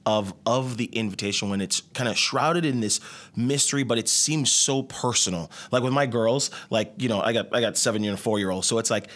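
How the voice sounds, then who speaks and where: A man's voice: medium pitch, a little fast. A man, a pastor and father, chatting casually with many restarts and fillers. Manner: relaxed, lots of likes and restarts. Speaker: pastor and podcast co-host. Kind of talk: casual chat.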